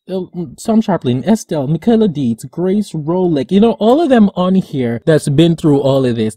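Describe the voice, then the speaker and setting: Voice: no echo, studio quality. Gushing, dramatic cartoon review host. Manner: gushing, dramatic, sassy, calls people honey; swoops high in pitch when excited. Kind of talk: excited casual review vlog.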